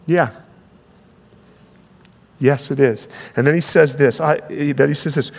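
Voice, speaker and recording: A man preaching a sermon, earnest and emphatic, slowing down on key phrases, heard in a large hall. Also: mid-range voice, gravelly, a little mellow. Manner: earnest, building to emphatic peaks, slowing for weight. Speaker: pastor.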